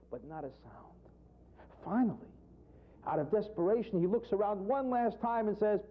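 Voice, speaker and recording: Male humorist, animated joke teller, tinny archive TV sound. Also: fairly quick. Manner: animated storyteller, acts out characters with sharp jumps in pitch. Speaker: humorist guest. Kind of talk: joke telling and interview talk. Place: television studio. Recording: tinny phone-like archive broadcast.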